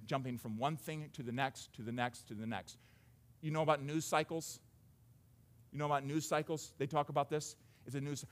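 A man, a father of young children, preaching a sermon in a conversational way, often repeating words and swinging between hushed and raised delivery. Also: medium pitch.

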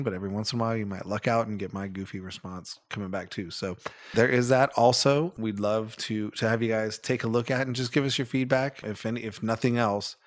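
Rambling low-voiced man hosting a podcast. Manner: rambling, self-correcting, fond storyteller. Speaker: podcast co-host. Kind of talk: casual podcast chat.

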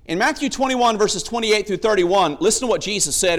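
High-voiced, animated man preaching a sermon. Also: a little fast. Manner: emphatic, acts out quoted voices in stories.

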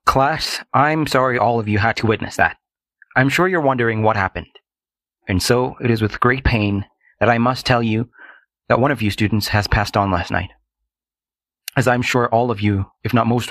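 A man's voice: fairly low pitch, moderate pace, fairly bright tone, dry recording. A man voicing a stern middle-aged male math teacher making formal, grave announcements.

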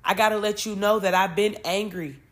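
A woman's voice: medium pitch, fairly even intonation, a little fast. A woman, reading Bible verses and talking emotionally and informally, swearing freely, on her spiritual podcast.

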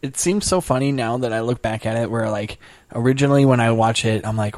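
A man's voice: medium pitch, fairly quick, darkish tone, dry recording. A man hosting a podcast in casual chat, laid-back and laughing, swearing casually. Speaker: podcast host.

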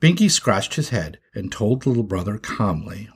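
A man narrating a children's story with an expressive, animated reading. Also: lowish voice, normal speed, breathy edge.

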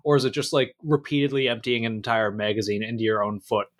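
Brief: podcast host guy, mid-pitched, swears and jokes bluntly. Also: fast talker. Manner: crude, blunt, joking. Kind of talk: casual podcast chat.

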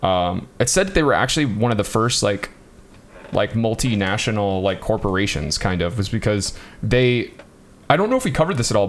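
A man co-hosting a casual history podcast, talking loosely with many fillers and frequent laughs. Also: mid-range voice. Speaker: podcast co-host.

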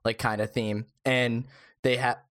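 A man's voice: mid-range voice, level tone, measured pace, a bit bright. A man co-hosting a casual podcast, laid-back and joking, laughing often as he talks. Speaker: podcast co-host.

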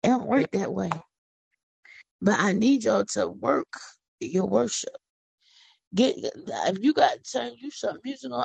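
A woman with a gravelly, husky voice preaches to her listeners in a folksy, fervent way, speaking. She repeats words for emphasis. Her voice sits a little high and is recorded dry and close. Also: a little mellow, no room sound. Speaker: podcast host. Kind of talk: preaching devotional talk. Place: home.

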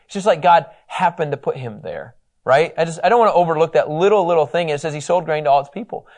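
A man teaching a Bible lesson in a conversational, animated way, acting out the quotes. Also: a little high, fast.

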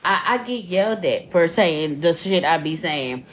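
A woman's voice: low voice, expressive, measured pace, a little hiss or hum. A woman co-hosting a podcast, talking in an emphatic, gushing, profane way. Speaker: podcast co-host. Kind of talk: casual chat. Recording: roomy echo.

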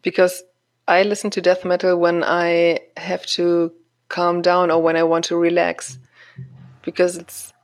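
Flat-voiced woman podcast co-host. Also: lowish voice. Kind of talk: casual chat.

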